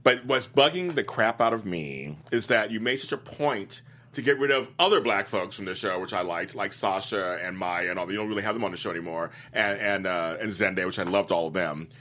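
A man's voice: lowish voice, brisk. A man co-hosting a podcast, chatting casually about the week's soap episodes and quoting characters in playful voices. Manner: animated, quotes characters in playful voices, laughs often. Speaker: podcast co-host. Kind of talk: casual chat reviewing a TV soap.

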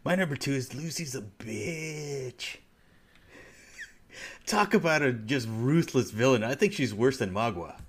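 A man co-hosting a casual podcast chat, animated, swearing freely and laughing a lot. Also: medium pitch, measured pace, husky. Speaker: podcast co-host.

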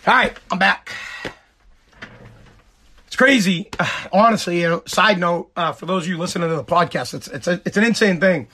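A man hosting a podcast, ranting heatedly with lots of swearing, his voice hoarse and nearly gone. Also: high voice, moderate pace, bright, forceful tone. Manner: heated, profane, repetitive ranting. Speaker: podcast host.

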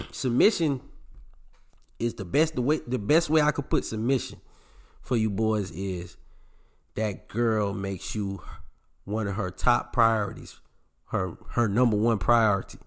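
A man's voice: lowish voice, fairly even intonation, measured pace, pauses often. A man hosting a podcast, delivering a blunt, preachy monologue straight to his male listeners and swearing freely as he goes. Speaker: podcast host.

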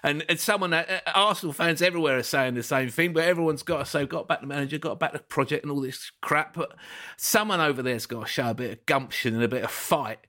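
A man's voice: fairly high pitch, quick pace, pushed and bright. A man co-hosting a football podcast, ranting in exasperated casual chat.

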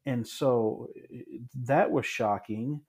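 A man's voice: medium pitch, takes it slowly, darkish tone, husky. A man in his thirties from Michigan, speaking as a podcast guest. He tells his story in a casual, reflective way. He often restarts and adds asides as he goes. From Michigan, USA.

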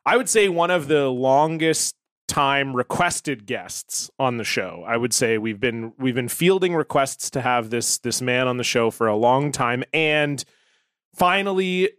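A man's voice: mid-range voice, lively intonation, unhurried, a bit bright, clean tone, no room sound, clean studio sound. A man co-hosting a podcast, chatting loosely with laughs and swearing. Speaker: podcast co-host. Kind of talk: casual podcast banter.

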